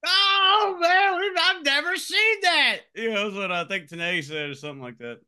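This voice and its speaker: Bright, high, lively man. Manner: excitable, quick to react. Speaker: podcast co-host. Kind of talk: casual podcast chat.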